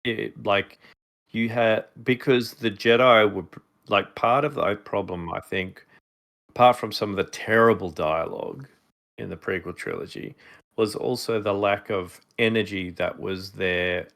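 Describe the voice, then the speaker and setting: Low raspy-edged guy, lots of um and like, loose podcast chat. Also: fairly bright tone. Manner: rambling, many fillers and restarts. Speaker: podcast co-host. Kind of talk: casual chat.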